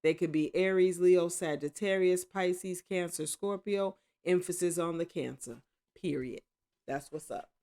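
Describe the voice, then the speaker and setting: A woman giving a casual tarot reading at home, rambling and correcting herself, with excited exclamations. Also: fairly low pitch, a little slow. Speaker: tarot reader.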